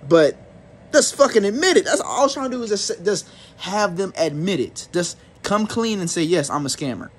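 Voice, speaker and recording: A man's voice: sits high, lively intonation, moderate pace, slight background noise. A young man telling a rambling, profane storytime rant to his viewers. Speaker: vlogger.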